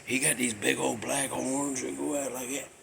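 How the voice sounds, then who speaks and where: A man hosting his own show, chatting casually and in a rambling way about an old movie, breaking into sudden excited whoops. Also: mid-range voice, moderate pace, creaky, background noise. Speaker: host.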